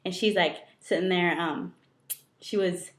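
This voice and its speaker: A woman's voice: lowish voice, fairly even intonation, a little slow, a little hiss or hum. Giggly young woman telling a rambling story. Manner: giggly, rambling, full of fillers. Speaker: co-host. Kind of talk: casual chat and storytelling. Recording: roomy echo.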